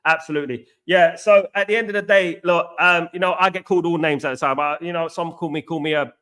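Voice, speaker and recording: A man's voice: high-pitched, fairly even intonation, quick pace, hardly any pauses, pushed and bright. A man from the East End of London with an East London accent, hosting a live fan stream, emphatic and repetitive, calling his viewers mates. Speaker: fan channel host. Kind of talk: live match-day stream chat. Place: home in an apartment complex abroad.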